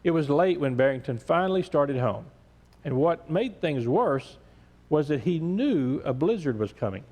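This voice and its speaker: A male pastor reading a story aloud in a church sermon, gentle and measured. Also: a little high, lively intonation. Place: large church sanctuary. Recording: echoey church sanctuary.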